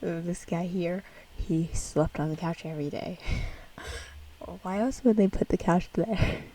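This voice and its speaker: A woman's voice: fairly low pitch, slow, dark tone, distant mic, slight background noise, low-quality recording. A young woman casually reacting to a music video, chatty and giggly, rambling with lots of fillers.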